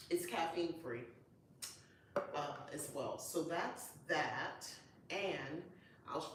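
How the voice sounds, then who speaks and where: A woman hosting a casual unboxing chat, gushing and excitable, with lots of delighted exclamations. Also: low-pitched, distant mic. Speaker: host. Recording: echoey room, voice off-mic, faint noise.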